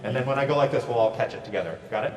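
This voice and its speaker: A man leading a choir through warm-up exercises, upbeat and encouraging, heard from a distance in a large echoey hall. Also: mid-range voice. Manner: upbeat, encouraging, quick praise. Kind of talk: choral warm-up instruction. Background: choir singing along.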